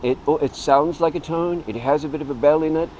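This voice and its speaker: Speaking a little fast in a voice on the high side, a middle-aged man gives an informal writing tutorial on word origins, acting out short lines of sample dialogue along the way. The audio is dull with slight background noise.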